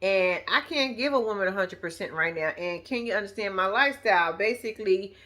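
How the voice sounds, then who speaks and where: Lively animated woman recapping a show. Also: mid-range voice, fairly quick. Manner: animated, profane, talks straight to viewers. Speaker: reality TV recap vlogger. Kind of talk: casual recap chat.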